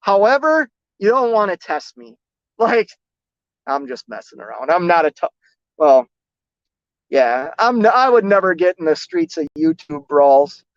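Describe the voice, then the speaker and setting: A relaxed man rambles through viewer comments on his trucking stream, joking at his own expense. The sound is dull and lo-fi, and it is dry and close with no room echo. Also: high voice, measured pace, smooth. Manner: rambling, easygoing, self-deprecating, many "like"s. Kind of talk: casual live-stream chat reading comments.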